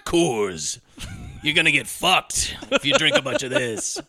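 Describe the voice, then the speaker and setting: A man in his forties co-hosting a movie podcast, chatting casually and joking with quick mock impressions. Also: on the high side. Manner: animated, jokey, does mock impressions. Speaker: podcast co-host. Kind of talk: casual chat about movies.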